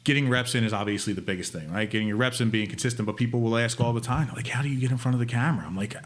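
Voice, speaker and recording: A man in his thirties, a podcast guest who tells animated stories and jokes in casual chat. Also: mid-range voice. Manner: animated storyteller, quick to joke. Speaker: podcast guest, food content creator.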